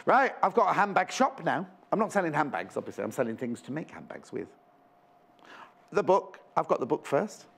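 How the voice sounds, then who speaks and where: A man's voice: fairly high pitch, sing-song, a little fast, creaky, fairly bright tone, slightly rough. A man presenting a live shopping show in a studio, chatty and rambling with jokey asides.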